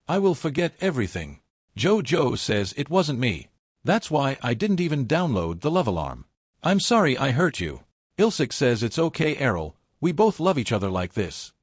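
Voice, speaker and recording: A man's voice: medium pitch, no echo, studio quality. A man narrating a drama recap in a scripted style, reading the quoted dialogue in the same plain narrating voice.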